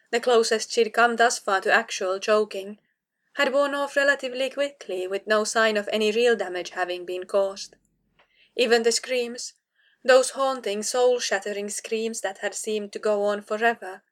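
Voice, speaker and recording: A woman's voice: mid-range voice, fairly bright tone. A woman narrating a fantasy novel aloud, reading a tense scene with dramatic weight. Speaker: audiobook narrator.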